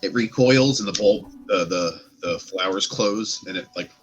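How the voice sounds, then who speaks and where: Low, bright-voiced male game master. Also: moderate pace. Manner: meandering descriptive narration with many fillers. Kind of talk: narrating a tabletop game.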